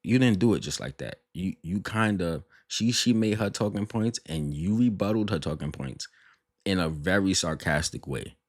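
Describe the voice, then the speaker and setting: A low-voiced man hosting a reaction video, talking bluntly and sarcastically with frequent restarts. The recording is close and dry, with no room sound. His commentary has a casual, rambling flow. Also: lively intonation, normal speed, dry recording.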